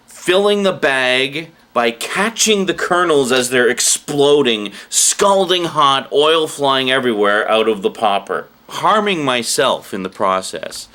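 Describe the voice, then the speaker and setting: Animated man telling comic work stories. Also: mid-range voice. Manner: animated, acts out the people in his stories. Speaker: channel host. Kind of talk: comic storytelling about customer service.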